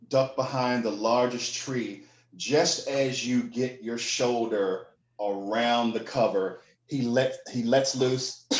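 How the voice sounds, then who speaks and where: A man running a tabletop game as game master, explaining the rules at an unhurried pace with many fillers. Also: medium pitch, reverberant, slight background noise.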